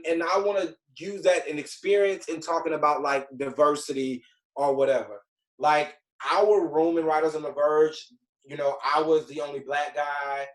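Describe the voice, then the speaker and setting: Chatty man in his forties, echoey room. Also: a little high. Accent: Southern US. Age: 40s. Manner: chatty, laid-back storytelling full of "like" fillers. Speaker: TV writer sharing career advice. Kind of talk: casual talk to a group.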